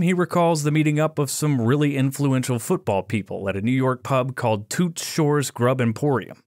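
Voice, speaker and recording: A man's voice: mid-range voice, no room sound. Guy reading a sports history podcast script, dead dry close mic, medium voice. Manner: reads quotes from old articles aloud. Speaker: podcast host.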